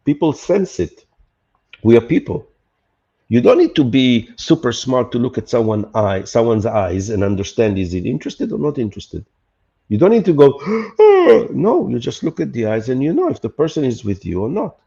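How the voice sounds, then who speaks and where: A man talks as a podcast guest, pressing his points with rhetorical questions and little acted-out quotes. His voice is warm and mellow. The recording sounds a little dull and lo-fi. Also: medium pitch, very animated, moderate pace, creaky. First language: Hebrew. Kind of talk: animated conversational podcast talk.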